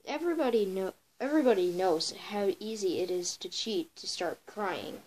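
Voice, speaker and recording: A woman's voice: mid-range voice, expressive, moderate pace, darkish tone, a little hiss or hum, low-quality recording. A girl telling a folk tale for a home video, reading with many stumbles and self-corrections. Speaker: storyteller.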